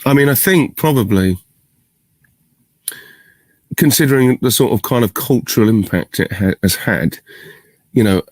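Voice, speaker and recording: A man's voice: mid-range voice, lively intonation, a little slow, long pauses, dry recording. A middle-aged man, answering fan questions in a casual video Q&A and thinking aloud in rambling, self-interrupting, good-humoured talk. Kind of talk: casual virtual Q&A. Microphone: video call.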